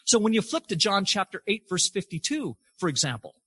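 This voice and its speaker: A man's voice: sits high, big pitch swings, a little fast, pushed and bright, breathy edge, no echo. A man preaching a sermon, emphatic and building his point through repeated phrases.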